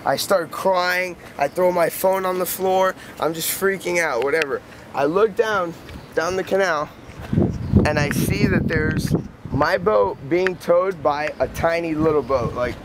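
A young man telling a rambling, profane story outdoors beside a canal, speaking casually with lots of "like" and restarts. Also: sits high. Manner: profane, rambling, heavy use of "like". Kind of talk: casual spoken anecdote. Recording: noisy outdoor recording with traffic. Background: outdoor street ambience with passing vehicles.

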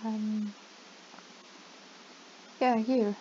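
A woman giving excitable slow-spoken gaming commentary with a cracking voice. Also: medium pitch. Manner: playful and excitable, with sudden loud outbursts. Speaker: gaming YouTuber. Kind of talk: let's-play gaming commentary. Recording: slightly dull lo-fi mic with faint noise.

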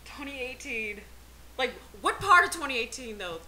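A woman's voice: high-pitched, sing-song, moderate pace, bright, forceful tone, low-quality recording. A young woman reacting to a video trailer, gushing and squealing with repeated exclamations. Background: trailer music playing faintly.

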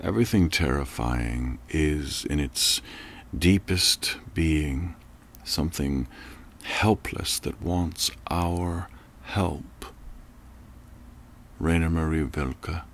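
A man narrating an audiobook in a slow, measured, reflective way. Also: very deep voice.

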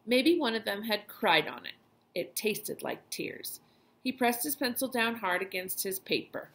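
A woman's voice: mid-range voice, measured pace, gravelly, a little hiss or hum. A woman teacher reading a children's chapter book aloud to her class. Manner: expressive storytelling voice.

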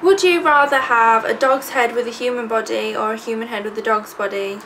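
A woman's voice: on the high side, steady tone, fairly quick, a bit bright. A young English woman around twenty, answering viewer questions in a chatty, sarcastic vlog. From England. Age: 20s. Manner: chatty, sarcastic, self-deprecating. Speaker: YouTuber. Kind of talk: casual vlog Q&A. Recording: distant mic with background noise.

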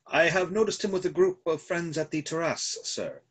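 A stiff, deferential manservant, as a man reads him in a play read over a video call. His voice sits a bit high and moves with lively pitch. It has a husky, breathy edge. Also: moderate pace. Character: deferential male manservant, formal and dry.

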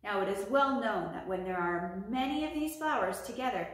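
A woman's voice: medium pitch, moderate pace. Woman reading aloud in an echoey room. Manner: gentle, steady read-aloud narration. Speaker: library storytime reader. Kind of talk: reading a children's book aloud.

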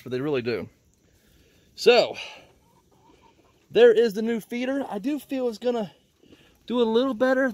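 Man, lively up-and-down voice, fairly high, rambling chores chat, outdoors by the pens, chickens clucking nearby. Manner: rambling, talks to his animals. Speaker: homesteading vlogger. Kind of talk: casual chat while doing farm chores. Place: outdoors at backyard animal pens.

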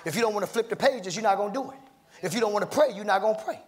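A man preaching a sermon as pastor, rising into shouted, half-sung cadences and calling out to people in the congregation. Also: high-pitched, very fast. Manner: calls out to congregation members by name.

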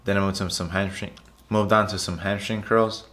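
A fitness vlogger narrates his workout footage in a casual voiceover, speaking at a moderate pace in a low, level, fairly bright voice. He's loose, chatty, and repetitive, often calling out to viewers and saying "guys" a lot.

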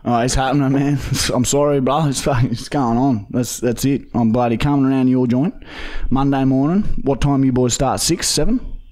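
A man's voice: medium pitch, moderate pace, darkish tone, natural voice. A young man with an Australian accent playing a pushy, swearing job seeker on a prank call, rambling with lots of fillers. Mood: insistent. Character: desperate rough-talking male job seeker. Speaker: prank caller.

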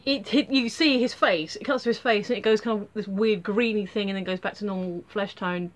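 A woman's voice: mid-range voice, steady tone, a little fast. A woman giving a casual spoken review, chatty and rambling, with lots of fillers and restarts.

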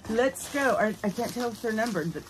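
A woman's voice: fairly high pitch, expressive, a little fast, music in the background. A woman chatting casually through an unboxing, playful and giggly, now and then slipping into a spooky voice. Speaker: unboxing YouTuber.

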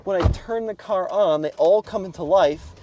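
Brief: male co-host, high-pitched, wry and showy, walking around a car outside. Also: moderate pace, noisy background. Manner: wry, sarcastic, enthusiastic showman. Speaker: co-host presenting cars. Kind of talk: casual car review chat.

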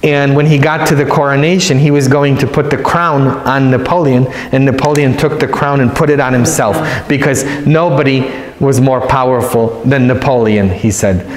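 A priest giving a retreat sermon, telling stories and repeating phrases for emphasis. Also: male voice, medium pitch, steady tone, moderate pace, few pauses. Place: large church. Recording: echoey church hall.

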